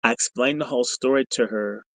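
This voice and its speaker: A man's voice: medium pitch, brisk, creaky, dry recording, low-quality recording. A middle-aged man hosting a podcast, telling a story in a provocative, profane, combative way. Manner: animated storyteller. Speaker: podcast host. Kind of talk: storytelling monologue on a livestream.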